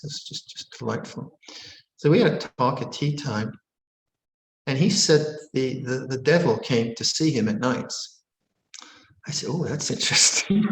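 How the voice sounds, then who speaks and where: A male Buddhist monk gives a dharma talk as a gentle, amused storyteller, chuckling often between his words. His pitch sits in an ordinary middle range. The sound is roomy and echoing, as if from a large hall during an online session. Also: gravelly. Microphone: online video session.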